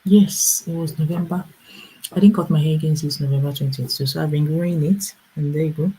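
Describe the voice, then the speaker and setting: A middle-aged woman hosting a casual livestream, telling an animated personal story with laughter and acted-out voices. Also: low-pitched, fast, husky, rough recording. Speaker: livestream host and business coach.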